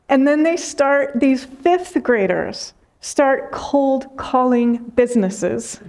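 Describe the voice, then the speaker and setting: A woman spiritual teacher giving a reflective talk after meditation, telling a story gently with frequent soft laughter and unhurried phrasing. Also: high voice.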